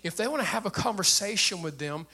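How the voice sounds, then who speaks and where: An older man preaching with a high voice that sits well above most men's. His tone is bright and forceful, and he talks in a lively, plain way to his congregation. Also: quick pace, breathy edge. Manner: animated preacher with a light, high voice and plain speech. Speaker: pastor. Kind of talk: sermon.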